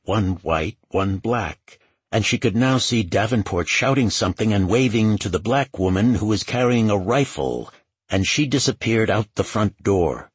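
Brief: male narrator, low and husky, measured thriller reading, dry close sound. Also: lively intonation, no room sound. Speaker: audiobook narrator. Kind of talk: scripted narration.

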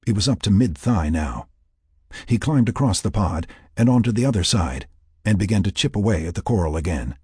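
A man narrating a tense story in a measured, scripted way with a raspy voice. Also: deep voice, darkish tone, no room sound, studio quality.

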